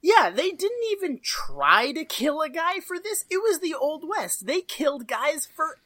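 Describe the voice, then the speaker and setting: Woman, podcast co-host, casual chat, jokey, lively pitch, bright tone. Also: unhurried, dry recording. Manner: animated, joking, laughs often.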